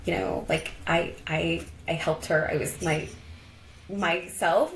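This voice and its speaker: A fairly low, slightly bright voice with fairly even intonation belongs to a Colorado woman speaking slowly as a podcast guest. She tells personal stories in a casual, reflective, heartfelt manner full of "like" and "you know," over a little hiss or hum in an echoey room.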